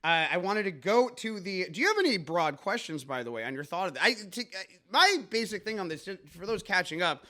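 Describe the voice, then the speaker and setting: A man's voice: sits high, big pitch swings, a little fast, hardly any pauses, pushed and bright. A man hosting a comedic news podcast, rambling and joking with many fillers and restarts. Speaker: podcast host.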